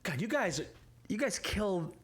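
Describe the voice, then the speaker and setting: A man's voice: high voice, sing-song, unhurried. A man running a tabletop game as game master, talking with many fillers and restarts.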